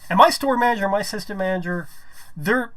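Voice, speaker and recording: A man's voice: sits high, brisk, fairly bright tone. A man telling a personal story to camera, rambling, restarting his sentences and swearing when aggrieved. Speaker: vlogger.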